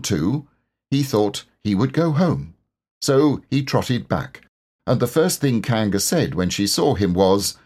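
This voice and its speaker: A man reading a children's storybook aloud in a gentle, unhurried storytelling manner. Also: fairly low pitch, sing-song, husky. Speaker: audiobook reader. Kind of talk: scripted storybook narration.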